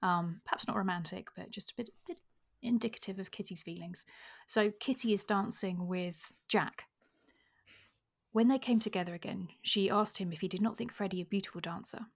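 A woman co-hosting a podcast, discussing a novel and reading passages aloud in a measured way. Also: medium pitch, vocal fry. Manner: reads passages in a measured, even way. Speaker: podcast co-host. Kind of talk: casual book chat with reading aloud.

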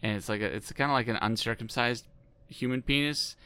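Casting note: jokey co-host, bright smooth voice, dry close sound. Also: medium pitch, fairly quick. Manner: jokey, crude asides, laughs often. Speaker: podcast co-host. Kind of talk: casual chat.

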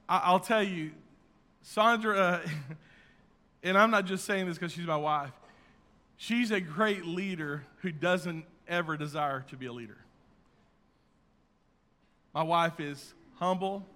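A man preaches in a high, bright, ringing voice, swelling into emphatic peaks and then dropping into soft asides. A long reverb trails each phrase, as in a church sanctuary. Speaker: pastor. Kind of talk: sermon.

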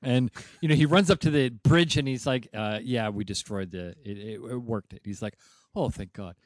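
A man's voice: medium pitch, moderate pace, no echo. A man in casual chat, retelling a TV episode with hummed music cues and acted-out lines. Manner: animated storyteller, hums music cues and acts out lines. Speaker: podcast co-host.

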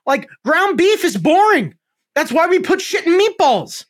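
A man's voice: very high-pitched, big pitch swings, measured pace. A man hosting a podcast, ranting theatrically and swearing a lot in casual chat. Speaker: podcast host.

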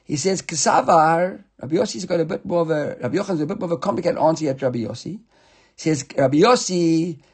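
A man's voice: on the high side, fast talker, breathy edge. A man teaching an informal Talmud study class, reading passages aloud and explaining them in English with frequent restarts and self-corrections.

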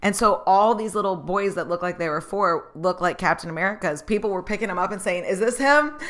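A woman's voice: on the low side, fairly quick, a bit bright. A woman telling a personal story in an earnest, motivational way, laughing often and getting emotional. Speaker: speaker sharing stories.

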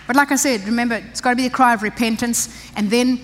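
Older female preacher, higher voice, emphatic and chatty, long hall reverb. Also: fairly even intonation, quick pace, fairly bright tone. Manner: emphatic, conversational preaching with asides. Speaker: pastor's wife preaching to women. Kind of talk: sermon. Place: church.

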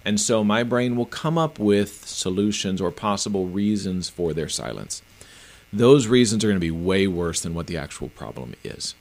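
A man's voice: on the low side, animated, normal speed, vocal fry. A middle-aged man, a professional speaker and author, answering interview questions in an earnest, emphatic way. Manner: emphatic, earnest, explains in practical steps.

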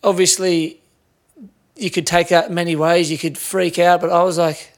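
An Australian man speaks as a guest in a casual podcast chat. His voice sits a little higher than most men's. He thinks out loud, trailing off and looping back with lots of fillers. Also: flat delivery, moderate pace. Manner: reflective, rambling with many fillers. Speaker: podcast guest, metal musician. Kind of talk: casual conversation.

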